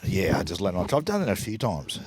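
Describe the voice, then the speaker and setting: Animated Australian man telling stories. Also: low-pitched, fast, breathy edge. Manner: animated anecdotes with put-on quoted voices. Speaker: podcast co-host. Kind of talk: casual storytelling chat.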